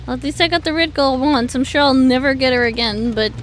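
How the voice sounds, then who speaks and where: A young woman streaming a horror game, excitable and foul-mouthed, shouting and laughing between muttered remarks. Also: sits high, quick pace. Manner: excitable, swears a lot, shouts and laughs in bursts. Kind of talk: live gameplay commentary. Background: game music.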